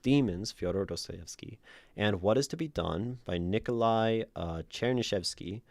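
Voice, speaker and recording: A man with a very deep voice reads aloud and comments on a livestream, wandering through his thoughts with lots of "like" and "um", correcting himself and laughing as he goes. The sound is close and dry, with no room around it. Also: moderate pace, vocal fry, darkish tone, dry recording. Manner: rambling, thinking aloud, many fillers and self-corrections; laughs often mid-sentence. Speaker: livestream host reading viewer submissions.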